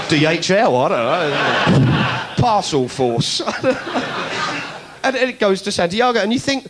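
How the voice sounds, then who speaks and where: A man's voice: sits high, sing-song, very slow, long pauses, heavy background noise. A man doing stand-up political comedy, ranting in mock indignation with plenty of swearing. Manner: acts out other people's voices.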